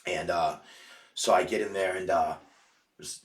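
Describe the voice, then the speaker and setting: A man, a podcast guest, telling rough stories in a rambling, profanity-heavy casual way. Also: deep voice, fairly even intonation, normal speed, far from the mic. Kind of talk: casual storytelling. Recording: echoey room, off-mic.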